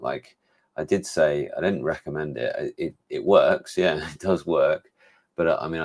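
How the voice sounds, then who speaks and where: A man's voice: very deep voice, creaky. A man with an English accent, hosting a casual live stream about tech gadgets and thinking aloud with frequent restarts. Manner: rambling, thinks aloud with many restarts and fillers. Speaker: tech reviewer hosting a livestream.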